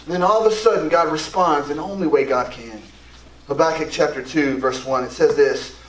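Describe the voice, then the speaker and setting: A man's voice: on the high side, fairly quick, a bit bright. A male pastor giving a conversational, enthusiastic sermon and calling for responses from the congregation. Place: church sanctuary. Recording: roomy, distant church recording with faint background noise.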